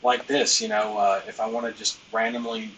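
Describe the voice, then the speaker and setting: A man's voice: lowish voice, monotone, brisk, fairly bright tone, far from the mic, a little hiss or hum, low-quality recording. A man hosting a business training live stream, talking loosely and emphatically, with lots of fillers and the odd bit of slang.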